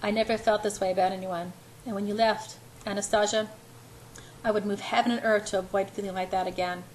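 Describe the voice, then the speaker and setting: A woman voicing a possessive, intense young man as a lover, in a low murmured delivery. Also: fairly even intonation, brisk, slight background noise, close to an everyday voice, rough recording. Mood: tender.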